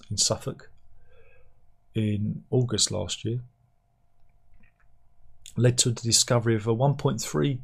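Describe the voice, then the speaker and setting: A man chats through the day's odd news stories with a dry, wry humour, and he often laughs at his own jokes. His voice is gravelly, with a rough fry at the ends of phrases, and he sits talking in a room at home. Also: medium pitch. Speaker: host. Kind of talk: casual news commentary.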